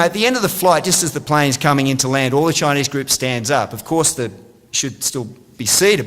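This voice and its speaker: A man's voice: medium pitch, a bit bright. A middle-aged Australian man giving a conference talk, upbeat and drawing the audience in with questions. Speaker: conference speaker. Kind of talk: conference presentation. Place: large conference room. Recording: reverberant hall.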